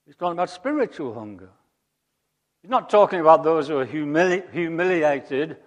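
A man preaching a sermon, emphatic, rising to loud high peaks and dropping to quiet asides. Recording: long hall reverb.

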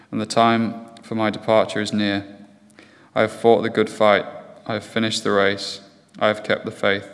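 A man reads scripture in a steady, measured way, his low voice gravelly and very flat. The reading echoes with the long reverb of a large hall. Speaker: scripture reader.

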